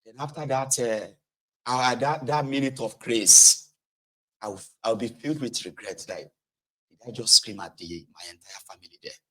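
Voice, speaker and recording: A middle-aged man with a Nigerian accent talks straight to his viewers in a loose, animated monologue. He drops into Pidgin now and then. His pitch sits in a middle range. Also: moderate pace. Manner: animated, acts out shouted scenes, Pidgin asides. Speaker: vlogger. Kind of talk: casual monologue commentary.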